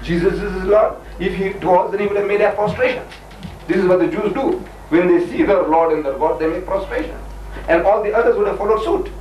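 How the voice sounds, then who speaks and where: An older man debating a missionary with an animated, emphatic delivery, acting out quotes in different voices. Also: high-pitched, a little fast. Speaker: Muslim debater. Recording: roomy, distant mic, faint noise.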